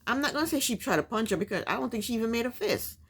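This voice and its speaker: A woman's voice: on the high side, lively intonation, rapid-fire, a bit bright, slightly rough. A woman casually recapping a reality TV episode, chatty and opinionated, talking back at the people on the show.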